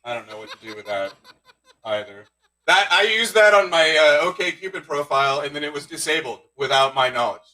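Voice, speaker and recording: A man doing a stand-up comedy set, telling deadpan one-liners with awkward asides. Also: a little high, brisk, recorded from a distance, poor audio. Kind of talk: stand-up set streamed live.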